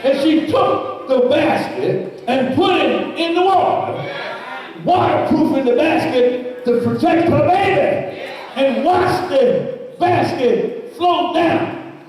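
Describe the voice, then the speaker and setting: Pastor, male, high voice, unhurried rhythmic call-and-response delivery that swells into shouting and singing, captured far off in an echoey church hall. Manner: call-and-response preaching, asks the congregation to respond; rhythmic preaching that rises into shouting and sung cadence. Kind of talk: sermon. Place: church sanctuary.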